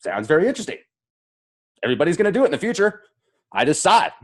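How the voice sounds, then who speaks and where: A man's voice: sits high, big pitch swings, very fast. A man hosting his own show, reading out viewer comments and riffing on them in a jokey, mock-dramatic way. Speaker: show host.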